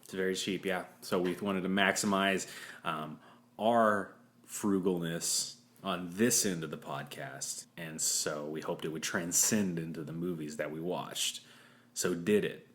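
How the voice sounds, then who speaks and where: A man co-hosting a casual podcast, recapping a movie plot and briefly doing quick offhand voices for its characters. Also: low-pitched, fairly even intonation, a bit bright. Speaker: podcast co-host.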